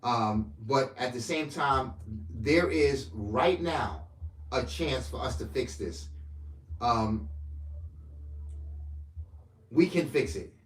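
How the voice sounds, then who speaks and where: A man delivering a profane ranting political monologue to camera, swinging between loud outbursts and low mutters. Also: slow pace, pauses often, roomy sound. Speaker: political commentator.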